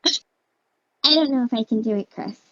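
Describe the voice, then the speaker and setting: A soft-hearted young hedgehog girl, gentle and a bit sad, as a woman voices her. Her voice sits a little high. It sounds dull and very dry, like a cheap home mic. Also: measured pace, no room sound. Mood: earnest. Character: Amy Rose, young female hedgehog, lovelorn and gentle. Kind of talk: amateur voice acting of a fan drama.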